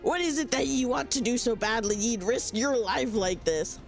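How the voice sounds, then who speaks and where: A woman voicing a gruff male pirate sailor with a phlegmy, drunken growl, reading video game dialogue. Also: fairly high pitch, normal speed, soft background music.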